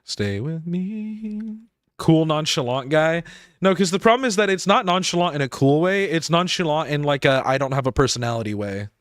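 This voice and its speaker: A young adult man chatting casually on a game stream, rambling with lots of fillers and quick laughs. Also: on the high side, expressive, a bit bright, clean tone, no room sound, studio quality. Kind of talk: casual live-stream chat.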